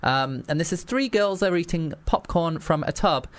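A man's voice: a little high, lively intonation, normal speed, no echo. A man hosting a radio show in casual chat, chatty, often stumbling and repeating words.

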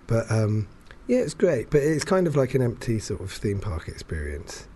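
A man's voice: on the low side, big pitch swings, moderate pace, dark tone, slightly rough. A man telling a story in casual chat, rambling, restarting his sentences often and laughing between them.

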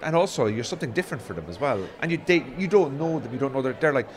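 Fast-talking Irish man from Cork. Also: medium pitch, expressive. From Ireland, Cork. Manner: rambling, full of "like" and "you know". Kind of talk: casual chat.

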